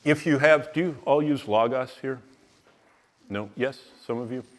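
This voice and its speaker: A man teaching the Bible to a live audience, his voice at a middle pitch. He talks in an animated way, leans hard on single words and stops to ask the room questions. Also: normal speed. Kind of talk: teaching sermon.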